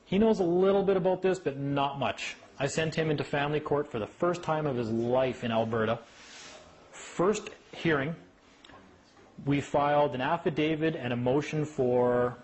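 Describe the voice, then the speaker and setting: A man's voice: medium pitch, normal speed, rough recording. A man giving a casual talk on legal rights to a small group, telling stories and acting out voices. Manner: animated storyteller who acts out voices.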